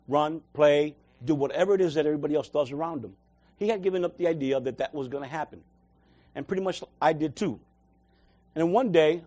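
Man giving an emotional church testimony. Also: on the high side. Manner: emotional, repetitive, swings from loud to quiet. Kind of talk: personal testimony.

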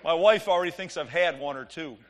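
High-voiced man telling a joking story. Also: brisk. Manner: animated, joking storyteller acting out dialogue. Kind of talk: sermon storytelling.

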